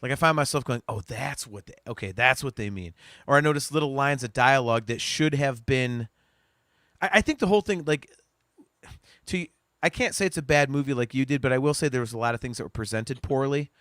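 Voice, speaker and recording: With a medium-pitched, fairly bright voice and a slightly quick pace, this male podcast co-host rambles through casual talk, swears liberally and keeps restarting his sentences. There's no room sound, just clean studio audio.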